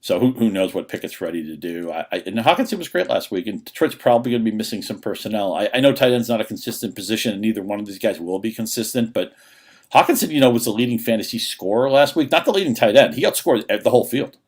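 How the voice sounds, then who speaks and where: Low-voiced guy rattling off fantasy picks quick, lots of restarts. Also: lively intonation. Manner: rapid, analytical, with quick restarts. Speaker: fantasy football analyst guest. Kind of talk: casual sports radio chat.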